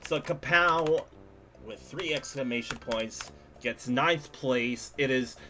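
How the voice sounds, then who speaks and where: A young man streaming, casually reviewing game levels with lots of laughter and swearing. His voice leaps up high when he gets worked up. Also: slow pace. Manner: animated, jumps into high excited pitch when ranting; swears casually, speaks to chat, laughs often. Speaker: streamer judging a level design contest. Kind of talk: casual gaming stream commentary.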